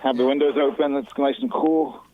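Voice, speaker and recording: A man's voice: medium pitch, little pitch movement, brisk. An easygoing male caller teasing the hosts from a phone-in line. His mid-range voice comes through dull and muffled. A faint hiss runs under it. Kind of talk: phone-in chat.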